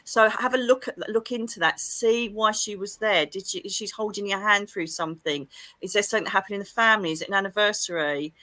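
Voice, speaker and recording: A middle-aged psychic medium, a guest on a livestream, chats casually in a bright, forward, mid-range voice, telling stories fast in an animated, gushing rush full of exclamations. The recording is dry and close with no echo.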